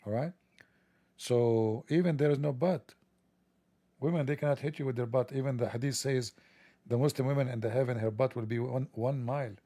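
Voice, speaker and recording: A man's voice: mid-range voice, a little fast, warm tone, no room sound. A man delivering a sarcastic, mocking satirical monologue.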